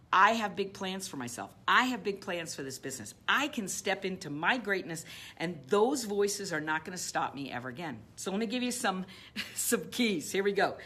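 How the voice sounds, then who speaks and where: A woman business coach giving an emphatic motivational talk, repeating phrases and easing into a soft guided visualization. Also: medium pitch, breathy edge.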